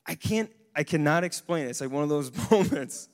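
A young adult man giving a casual, animated sermon to a young adults service, with bursts of exclamation. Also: a little high, a little fast. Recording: long hall reverb.

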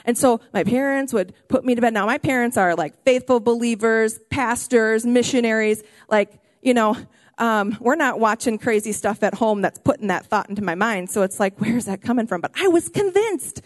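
Woman pastor, sermon, excitable, voice lifts high, dry close sound. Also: moderate pace, no room sound. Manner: animated, excitable preaching, often raising her voice. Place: church auditorium.

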